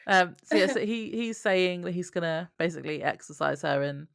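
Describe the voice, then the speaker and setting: A woman co-hosting a podcast, recapping an episode in a relaxed way and laughing often. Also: fairly low pitch, fairly quick, creaky, no room sound, studio quality. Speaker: podcast co-host. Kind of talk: casual recap chat.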